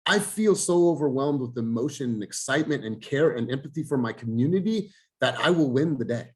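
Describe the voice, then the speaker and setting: A man's voice: medium pitch, animated, a little fast. A man hosting a group coaching video call, speaking in an intense, emphatic way and swearing now and then.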